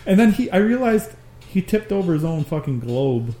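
A man's voice: high voice, very animated, moderate pace, mellow. A man casually telling a ghost story on a podcast, swearing and acting out the voices of the people in it. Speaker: podcast co-host. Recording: echoey room with faint ambient noise.

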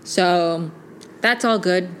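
A woman's voice: lowish voice, very slow, fairly bright tone, slight background noise. Rambling young woman reviewing a show. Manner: rambling, many "like" fillers and restarts; gushing, emotionally invested. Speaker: TV review vlogger. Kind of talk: casual chatty review.

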